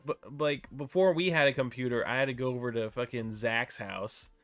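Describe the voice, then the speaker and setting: Smooth-voiced laid-back young man. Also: mid-range voice, fairly quick, fairly bright tone. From Idaho, United States. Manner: laid-back, brief reactions, profane. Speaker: podcast co-host. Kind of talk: casual chat.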